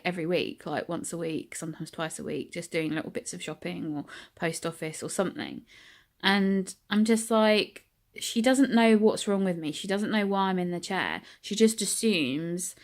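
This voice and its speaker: A British woman telling stories casually to her own camera as a vlogger, with frequent ums and likes. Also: fairly low pitch. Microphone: camera she sets up herself.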